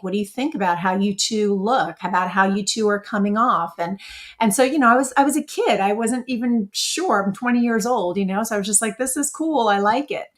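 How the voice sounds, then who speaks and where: A middle-aged woman speaking as an interview guest, telling animated stories with lots of laughter. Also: mid-range voice. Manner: animated, laughs often, quotes others in her stories. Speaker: interview guest, former dancer. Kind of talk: casual interview storytelling.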